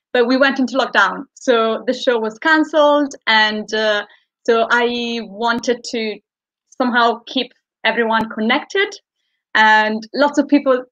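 A woman's voice: fairly high pitch, fairly bright tone. A woman, a guest choreographer, answering from her room at home, hesitant and full of fillers. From Italy. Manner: hesitant, many fillers while explaining. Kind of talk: casual interview answers. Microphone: video call. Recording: muffled video call audio.

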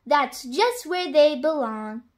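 A woman voicing a gentle, good-natured man in a children's storybook, speaking softly and earnestly. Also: high-pitched, animated, takes it slowly. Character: gentle, good-natured man fond of his old shoes.

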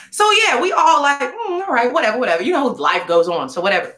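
Animated young woman telling a story, echoey room. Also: sits high, quick pace. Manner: animated, slangy, acts out voices of others in her story. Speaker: singer vlogging a story. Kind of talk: casual storytime vlog.

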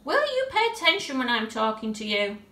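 A woman voicing a cross, bossy little girl who scolds her bear loudly. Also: fairly high pitch, wildly swooping pitch, a little fast, echoey room, voice pushed up, exaggerated voice. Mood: stern.

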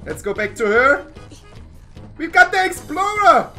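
A woman giving casual gameplay commentary as a gaming YouTuber, excitable and often exasperated, laughing as she plays. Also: sits high, measured pace, faint music behind.

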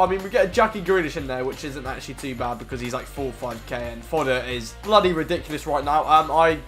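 An excitable British man with a heavy cold hosts a gaming video in a slightly higher voice. He calls his viewers lads and boys, yells at the good moments and grumbles low at the rest. Soft music plays faintly behind him. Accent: British English. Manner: excitable, bursting into shouts at big pulls then muttering low. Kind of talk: pack-opening game commentary.

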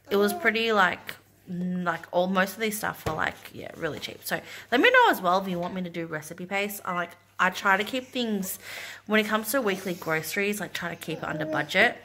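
A young mum vlogs casually about her day in a medium-pitched, pushed, bright voice. Her chat wanders along, packed with "um" and "like."

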